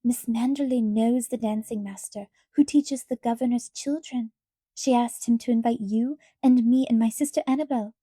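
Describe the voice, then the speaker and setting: A young girl rattles on with excitement, as a woman reader puts her on. Her voice sits a little high with a dark, mellow tone, recorded dry and close. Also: moderate pace, no room sound, close to an everyday voice. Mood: excited chatter. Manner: chattering, excited.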